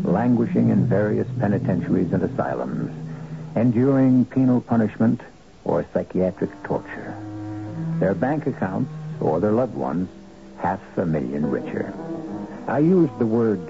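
A man narrating a 1970s radio mystery in a dramatic, measured way. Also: low-pitched, vocal fry. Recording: dull old radio broadcast.

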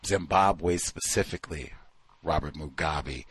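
A man's voice: on the low side, sing-song, moderate pace, fairly bright tone, breathy edge, no echo. A man hosting a call-in show, talking casually and animatedly, acting out the voices of people he quotes. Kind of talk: casual radio talk.

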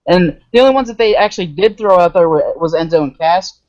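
Male podcast co-host, steady explainer, lo-fi audio. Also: high voice. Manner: measured, adds points, many fillers. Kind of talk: casual chat. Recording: muffled lo-fi audio.

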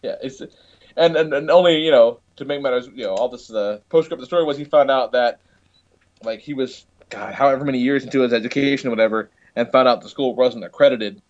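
A man's voice: medium pitch, fast, dull audio. A man co-hosting a podcast, telling a long story in casual chat, swearing freely and laughing often, heard over a video call from a tablet. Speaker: podcast co-host.

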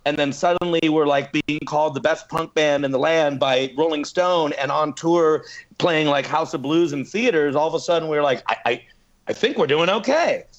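A man's voice: on the high side, normal speed, muffled recording. A man telling stories as a guest musician in a casual interview, acting out the quotes of others. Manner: animated storyteller acting out quotes. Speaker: guest musician in a punk band.

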